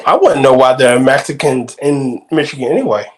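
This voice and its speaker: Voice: medium pitch, very animated, brisk. A co-host in a casual voice-chat podcast who talks bluntly and often trails off mid-thought.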